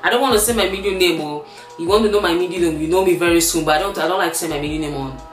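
A woman's voice: lowish voice, racing, reverberant, faint music behind. A woman in her twenties from Nigeria with a Nigerian accent, chatting playfully to her channel viewers with plenty of fillers. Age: 20s. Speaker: YouTuber. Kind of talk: casual vlog chat.

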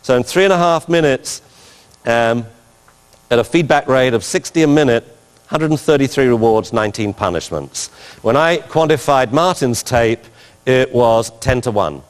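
A man lecturing on dog training in a big hall, his voice trailing off into a long reverb. He talks in an animated way, jumping into bits of acted commands to a dog. His pitch sits in an ordinary middle range. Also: normal speed, smooth. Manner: lively, acts out commands to the dog. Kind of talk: lecture with video commentary.

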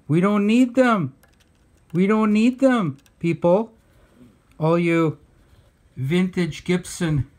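A guitar builder filming himself with a handheld camera, talking sarcastically and ranting in mock bitterness. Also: male voice, fairly high pitch, darkish tone. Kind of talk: sarcastic workshop vlog. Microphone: handheld camera mic.

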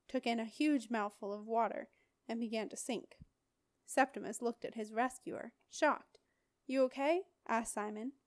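Audiobook narrator, woman, steady expressive read, fairly high voice, dry booth sound. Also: dry recording. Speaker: audiobook reader. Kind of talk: scripted narration.

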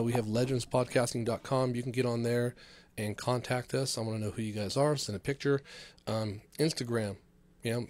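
A man's voice: medium pitch, a little mellow. A man from California hosting a comedy podcast alone, rambling loosely through filler words and swearing as he talks to camera. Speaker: podcast host. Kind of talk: casual comedic monologue.

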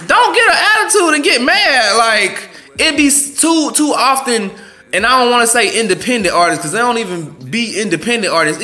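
A young man giving casual, profane, blunt advice as a vlogger, talking fast and animated. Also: high-pitched.

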